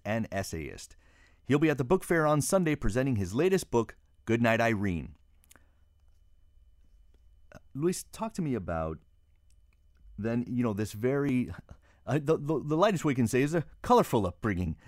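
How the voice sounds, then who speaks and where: A man's voice: mid-range voice, sing-song, moderate pace, no room sound. Interview host guy, curious, keeps asking follow-ups, dry close sound. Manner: curious, prompting follow-up questions. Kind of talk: interviewing a guest.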